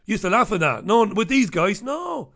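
A man on his own radio show, ranting in a heated, sarcastic monologue. His voice sits a little high for a man, and he swears freely as he builds up steam. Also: very animated, moderate pace, creaky, a bit bright. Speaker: radio host.

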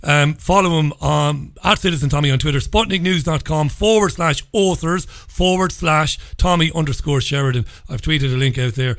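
Chatty radio host, dry studio. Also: male voice, a little high, normal speed, hardly any pauses, a bit bright, no echo. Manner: chatty, upbeat, rambling asides. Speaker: radio talk show host. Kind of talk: live radio talk show.

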